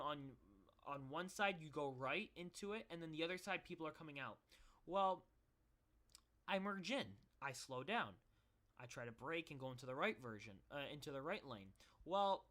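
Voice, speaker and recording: A man's voice: fairly high pitch, pushed and bright. A young man telling a personal story in a casual, rambling way, swearing and restarting often. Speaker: vlogger.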